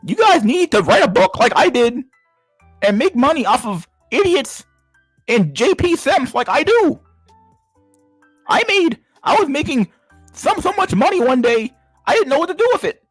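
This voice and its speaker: A man's voice: very high voice, very animated, moderate pace, pauses often, dry recording, faint music behind, pitched above the performer's own voice. A man voicing a smug, gloating self-help author who mocks his readers while bragging about money. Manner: boastful, mocking.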